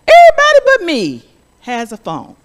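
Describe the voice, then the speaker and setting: A woman's voice: extremely high pitch, huge pitch swings, normal speed, pitched above the performer's own voice, exaggerated voice. A woman voicing a young girl who keeps begging her mother for a phone, in a whiny, insistent way. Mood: pleading.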